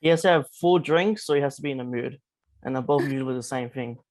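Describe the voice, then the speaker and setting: Man, podcast co-host, fast-talking, blunt, teasing. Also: mid-range voice, a little mellow, no room sound. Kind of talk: casual podcast chat.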